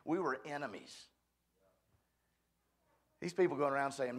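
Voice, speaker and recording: A man's voice: medium pitch, unhurried. A man preaching a sermon at a church, folksy and emphatic, joking at his own expense. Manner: folksy, emphatic, self-deprecating. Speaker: guest preacher.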